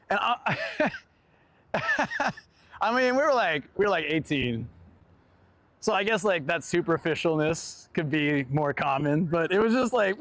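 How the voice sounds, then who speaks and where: A man's voice: a little high, no room sound. A man chatting casually on a live stream, telling rambling stories and laughing often. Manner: laid-back, rambling storyteller, laughs often. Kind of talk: casual live-stream chat while out and about.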